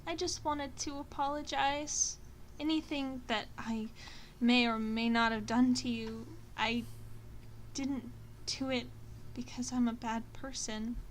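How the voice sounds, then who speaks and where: A woman's voice: fairly high pitch, fairly even intonation, slow pace. A woman voicing a remorseful young female wood elf druid who apologizes hesitantly. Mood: apologetic. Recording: faint background noise.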